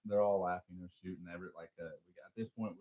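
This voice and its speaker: A man's voice: low voice, steady tone, rapid-fire, phone-quality sound. A man co-hosting a podcast, retelling a movie scene by scene in casual, rambling chat full of fillers. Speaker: podcast co-host. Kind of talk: casual film-recap chat.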